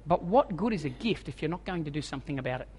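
A man's voice: fairly high pitch, expressive, quick pace, a little mellow, slightly rough, in a large hall. An Australian man in his forties preaching a sermon as a humorous, self-mocking storyteller. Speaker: evangelist preacher.

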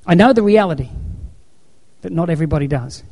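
Mellow-voiced male preacher, emphatic storyteller. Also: on the high side, expressive, fairly quick, gravelly. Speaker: pastor. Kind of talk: sermon.

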